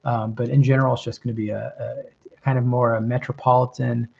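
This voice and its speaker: A middle-aged man from the American South with a mild Southern accent, hosting a livestream and answering viewer questions in a relaxed, reflective way. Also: medium pitch, fairly quick, vocal fry, breathy edge. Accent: metropolitan Southern American, mild. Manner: relaxed, reflective, many ums and rights. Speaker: host giving advice, reading viewer questions. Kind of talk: casual livestream chat. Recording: slightly dull lo-fi stream audio.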